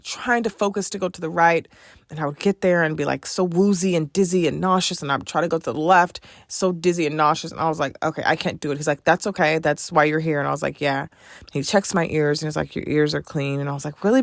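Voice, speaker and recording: A young adult woman hosting a podcast, telling a personal story in a chatty, animated way and acting out the people she quotes. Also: on the low side, vocal fry, no echo, studio quality. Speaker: podcast host. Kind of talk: casual storytelling to listeners.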